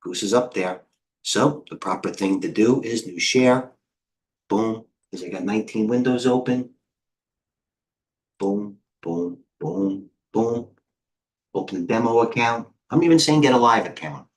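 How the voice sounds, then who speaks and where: Excitable low-voiced American trading coach. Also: male voice, unhurried, slight background noise. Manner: excitable, rambling, jumps between tickers with quips. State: out of breath. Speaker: trading coach hosting a live stream. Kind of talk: live market commentary.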